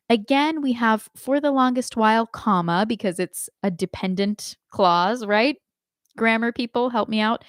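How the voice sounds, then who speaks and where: A woman teaching a live online singing lesson, explaining slowly and singing short examples. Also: on the high side, no echo, clean studio sound.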